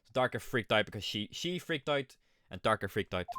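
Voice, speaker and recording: A man's voice: on the low side, lively intonation, brisk, background noise. A man streaming a mystery game, commenting casually and swearing freely as he reacts. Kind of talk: casual let's-play commentary. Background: game music.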